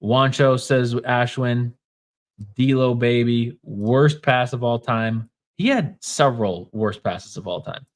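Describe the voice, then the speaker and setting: A man's voice: medium pitch, slow. A man with a Minnesota accent hosting a casual livestream, talking in a wry, offhand way and reading comments from the chat aloud. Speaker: podcast host.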